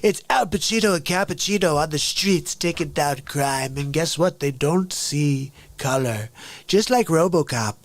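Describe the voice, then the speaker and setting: A man doing a comedic impression of a gruff, drawling tough-guy movie star. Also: a little high, lively intonation, measured pace. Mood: blustery.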